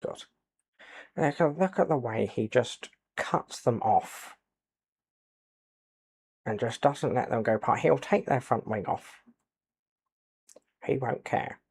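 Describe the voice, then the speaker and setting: A man giving soft-spoken ASMR commentary over a racing game, quiet and low-key, with dry jokes. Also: animated, slow pace, gravelly, pauses often, slightly rough. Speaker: gaming channel host.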